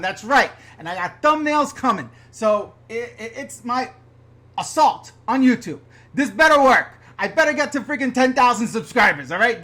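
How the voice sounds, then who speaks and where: Male channel host from the NY/NJ area, bright and forceful tone, excitable and rambling, reads viewer comments on a casual home live stream. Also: very high voice. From New York / New Jersey area. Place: upstairs room at home.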